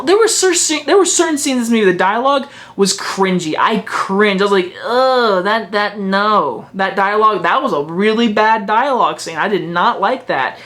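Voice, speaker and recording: A man's voice: sits high, a bit bright. A man giving a casual spoken film review in a frank, exasperated way, restarting his sentences and mocking what he disliked. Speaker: movie reviewer.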